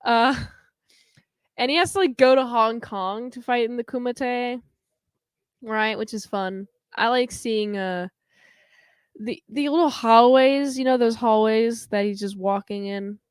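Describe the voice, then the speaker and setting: A woman co-hosting a podcast, chatting casually about a movie and acting out scenes in quick quoted voices. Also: on the high side, clean tone, no room sound, studio quality. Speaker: podcast co-host.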